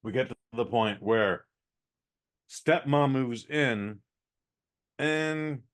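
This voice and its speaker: Male podcast co-host, mid-pitch, casual and profane, exasperated rambling review. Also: very slow. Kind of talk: casual comedic movie review.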